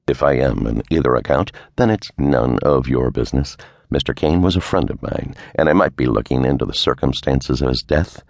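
A man voicing a cool, wry 1930s male private detective who talks in a dry, unhurried way in an audiobook. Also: rumbling low, vocal fry, dry recording, pitched below the performer's own voice, full character voice. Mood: sardonic.

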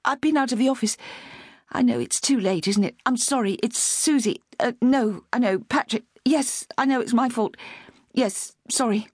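A woman's voice: on the high side, moderate pace, a little mellow, husky, dry recording, studio quality, pitched above the performer's own voice. A woman narrator voicing a harried young working mother who sounds flustered and apologetic, with her voice raised above her narrating tone. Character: harried young mother juggling publishing job.

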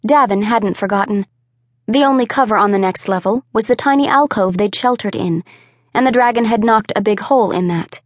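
A woman reads an audiobook script at medium pitch, keeping her delivery measured yet expressive. The sound is clean studio quality with no room echo.

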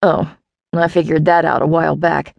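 A woman voicing a gruff, impatient man with a deep growl who talks curtly and dismissively. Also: level tone, normal speed, no echo, highs cut off. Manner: curt, dismissive.

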